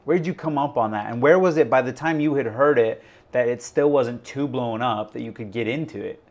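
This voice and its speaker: A man's voice: mid-range voice, normal speed. A man hosting a crypto live stream, talking in a rambling, chatty way full of fillers. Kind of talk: casual live-stream chat.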